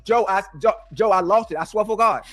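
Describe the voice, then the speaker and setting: A middle-aged man, a former football player, telling a story in a casual talk show, animated and addressing his co-host by name again and again. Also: sits high, a little fast, no echo, faint music behind.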